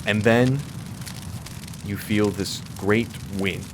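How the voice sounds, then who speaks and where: Deep-voiced man narrating a dramatic game. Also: takes it slowly, noisy background. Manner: dramatic, vivid second-person storytelling. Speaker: game master. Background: background music.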